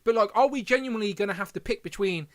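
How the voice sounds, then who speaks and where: A man's voice: sits high, racing. A man hosting a casual livestream, rambling and correcting himself as he reads the chat aloud. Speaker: podcast host.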